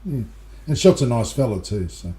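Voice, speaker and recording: A man with an Australian accent in relaxed, rambling podcast chat, often repeating himself. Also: medium pitch, normal speed. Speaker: regular co-host. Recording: echoey room.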